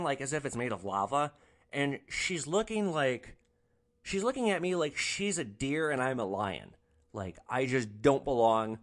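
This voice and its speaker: A man's voice: medium pitch, a bit bright. A man hosting a podcast, telling his rideshare stories in a casual, sarcastic, blunt way. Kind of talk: casual storytelling.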